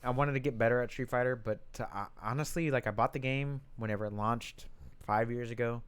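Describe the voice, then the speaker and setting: A man's voice: medium pitch, steady tone, brisk, smooth, no echo. Teasing man on a podcast, dry sound. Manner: teasing, blunt, profane. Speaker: podcast co-host. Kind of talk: casual chat.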